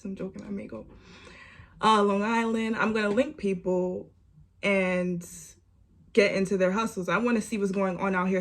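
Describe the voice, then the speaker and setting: Animated young New woman. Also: mid-range voice. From New York. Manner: animated storytelling with lots of "like" and repeated phrases. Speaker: vlogger. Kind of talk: storytime vlog.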